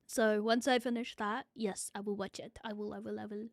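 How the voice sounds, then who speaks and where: A woman's voice: mid-range voice, fairly even intonation, normal speed, no echo, studio quality. A young woman, chatting casually on a livestream and answering viewer comments in a rambling way. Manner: chatty, rambling, repeats phrases, swears casually. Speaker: VTuber streamer.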